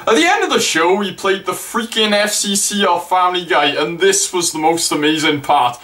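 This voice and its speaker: A young man from Wales, excitedly telling a story to camera and swearing freely. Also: sits high, moderate pace. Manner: excitable, sweary, gushing fan. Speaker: vlogger.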